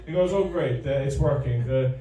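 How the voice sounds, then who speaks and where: A man doing a rambling, profane stand-up comedy set, stalling often with halting fillers. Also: medium pitch, crowd noise. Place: comedy club room. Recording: echoey room, distant mic, faint ambience.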